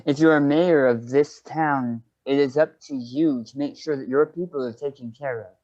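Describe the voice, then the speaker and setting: A man's voice: mid-range voice, moderate pace, darkish tone, no echo, dull audio, natural voice. A man voicing a blunt male adventurer in a tabletop game, scolding a stubborn mayor. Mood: stern.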